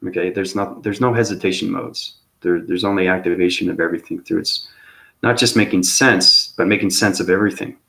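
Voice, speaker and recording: Deep-voiced male host, meandering spiritual talk, habitual "okay?" check-ins. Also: fairly even intonation, fairly quick, gravelly, bright, forceful tone. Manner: repeats "okay?" as a tag after phrases; loose, searching phrasing with restarts. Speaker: channel host. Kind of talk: rambling spiritual monologue.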